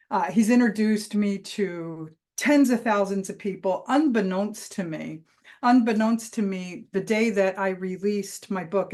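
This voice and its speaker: A woman speaking as a motivational keynote speaker, carrying the audience through a personal anecdote. Her delivery is lively and emphatic, with a voice at an ordinary middle pitch for a woman.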